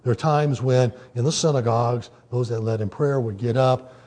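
A man preaching a sermon in a conversational teaching manner, often pausing with "okay" and "you know". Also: mid-range voice, mellow. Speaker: pastor.

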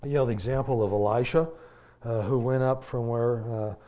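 Guy preaching a laid-back sermon, mellow voice, lots of uhs and you-knows, folksy jokes. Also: mid-range voice, steady tone. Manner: conversational, halting, many fillers and restarts; folksy, joking aside. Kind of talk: casual sermon.

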